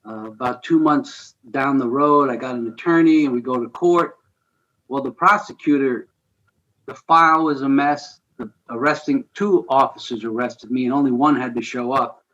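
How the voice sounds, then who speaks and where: A man's voice: medium pitch, normal speed, dull audio. A man guest on a podcast, telling a personal story in an earnest, conversational way. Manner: earnest, conversational, animated retelling with chuckles. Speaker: guest, ministry founder.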